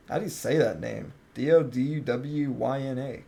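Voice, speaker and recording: A man's voice: medium pitch, normal speed, vocal fry, few pauses, warm tone. A young man streaming a game, chatting casually, joking around and swearing freely. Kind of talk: casual gaming stream chat.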